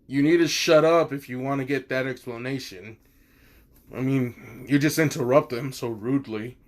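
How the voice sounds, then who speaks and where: A man's voice: medium pitch, normal speed, lightly acted. A man voicing a blunt, cool-headed teenage boy hero who talks in curt, casual slang and swears. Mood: curt, threatening.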